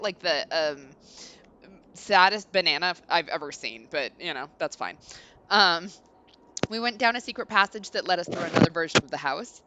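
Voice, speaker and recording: Reading game story text aloud in a steady narrator's tone, this woman hosts a let's play and otherwise chats bluntly and casually. Her voice sits mid-range, with a little hiss or hum in the background.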